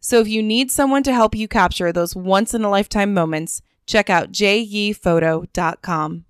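A woman reading an upbeat sponsor spot on a podcast, slowly spelling out web addresses. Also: medium pitch, clear, resonant tone, dry recording, studio quality. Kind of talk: read-out promo.

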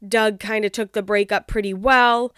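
A woman's voice: medium pitch, fairly even intonation, normal speed, a bit bright, clean tone, no echo, clean studio sound. A woman casually recapping a reality show, blunt and opinionated, swearing and laughing as she talks.

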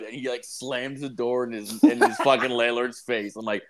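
A young man rattling through a story on his podcast, swearing in nearly every line. He keeps restarting his sentences and jumps into a louder, higher voice to act out what people said. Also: lively intonation, moderate pace, hardly any pauses. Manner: rambling, swears constantly, acts out quotes in raised voice. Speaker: podcast co-host. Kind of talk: casual profane chat.

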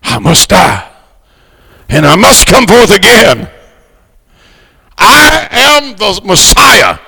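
A preacher giving voice to Jesus, declaring himself in a high, bright and gravelly voice. The lines come as bold, commanding proclamations, hammered home one phrase at a time. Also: male voice, sing-song, slow, big-room sound, exaggerated voice. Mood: proclaiming. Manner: proclaiming, emphatic.

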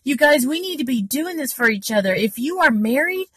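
A woman's voice: high-pitched, lively intonation, brisk, fairly bright tone, no room sound. A woman giving an impassioned faith talk to her viewers, urgent and full of repeated rhetorical questions. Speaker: Christian vlogger giving spiritual encouragement.

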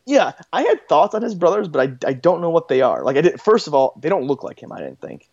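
A man co-hosting a casual podcast, making wry, deadpan jokes about a reality show. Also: on the high side, quick pace, no room sound, highs cut off. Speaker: podcast co-host. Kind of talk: casual chat recapping a reality dating show.

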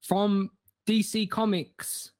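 A man putting on a sardonic trickster god, Loki, with a wandering, slightly northern British accent and a slow, drawn-out delivery. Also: high voice, fairly even intonation, a little mellow, dry recording, clean studio sound, voice pushed up. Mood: grandly sardonic. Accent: wandering put-on British accent, a bit northern.

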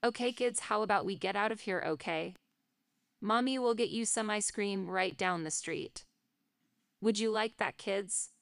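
A woman's voice: medium pitch, measured pace, creaky, dry recording. A synthetic female voice playing a young mother who scolds in short, curt lines. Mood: disgusted. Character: disgusted young mother shielding kids.

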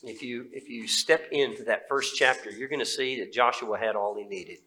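Brief: middle-aged man, pastor delivering a sermon, bright edge, folksy and chatty. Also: mid-range voice, moderate pace, poor audio. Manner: folksy, conversational preaching with fillers and asides.

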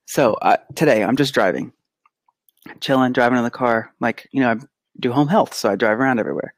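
A man co-hosting a podcast, telling an animated, casual story and acting out the quotes. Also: mid-range voice, fairly quick, no room sound. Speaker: podcast co-host; pediatric physical therapist. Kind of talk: casual chat.

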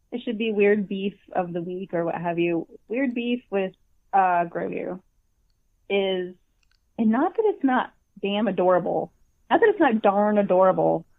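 A woman's voice: medium pitch, lively intonation, unhurried, no room sound. A woman guest in a casual podcast chat, rambling with a wry, self-deprecating manner over a phone call. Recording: tinny dry phone line.

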